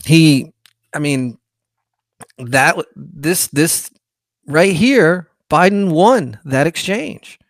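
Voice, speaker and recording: A man's voice: fairly high pitch, animated, extremely slow, no echo. Frustrated male podcast host, dry sound. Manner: frustrated, rambling, hesitant. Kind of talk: political commentary.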